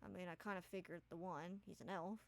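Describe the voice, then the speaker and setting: A woman's voice: on the low side, fairly even intonation, gravelly. A woman voicing a flustered companion who rambles and hedges in a rush during a tabletop game. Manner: rushed, rambling, hedging.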